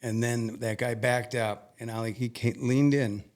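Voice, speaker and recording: A young man earnestly recounting a personal story as an interview guest, halting and emotional at times. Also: mid-range voice, fairly even intonation, darkish tone.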